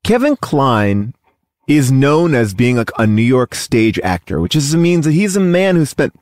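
A man's voice: medium pitch, big pitch swings, measured pace, a little mellow, no room sound. A man co-hosting a podcast, talking about a film in a rambling way with many restarts. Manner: rambling, many restarts, breaks into character voices. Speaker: podcast co-host. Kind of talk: casual film discussion.

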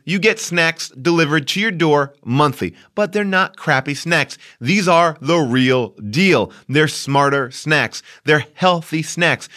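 A man's voice: on the high side, fairly bright tone. A man hosting a podcast, chatting casually with co-hosts and doing hammy, playful sponsor reads. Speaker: podcast host.

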